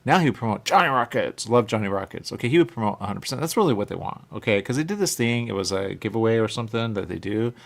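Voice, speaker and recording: This talk radio host speaks fast and animatedly in a fairly low, creaky voice, leaving few pauses. His chat rambles casually, punctuated again and again by "okay?" and "there you go."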